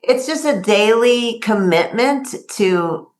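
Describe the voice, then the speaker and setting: A woman's voice: a little high, lively intonation, slow. A middle-aged woman, a guest author in a casual interview, chatty and acting out her own inner thoughts in quotes. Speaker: guest, workplace wellbeing author.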